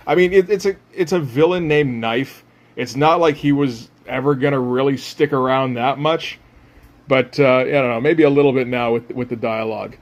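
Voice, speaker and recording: Man chuckling through drawing commentary. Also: medium pitch. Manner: rambling, chuckling, self-mocking. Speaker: comic artist.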